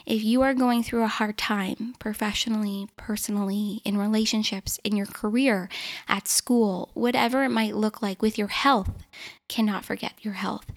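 Woman, twenties, solo podcast host, earnest, encouraging, creaky voice, mid pitch. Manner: earnest, encouraging, self-reflective.

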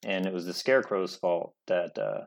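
A man's voice: sits low, big pitch swings, normal speed, vocal fry. A man in casual chat, recapping a film plot in a rambling way with casual swearing. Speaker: podcast co-host.

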